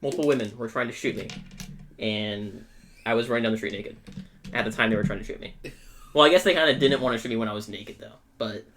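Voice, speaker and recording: A young man co-hosting a podcast, telling a story in a casual, animated way with frequent check-ins to his listener. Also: lowish voice, fast talker. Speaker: podcast co-host.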